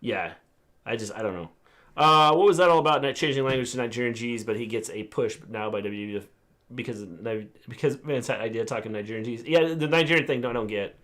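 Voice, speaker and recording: A man's voice: mid-range voice, fairly bright tone. Man, middle-aged, co-host, casual wrestling chat, joking, reads viewer comments. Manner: joking, drawn-out teasing asides.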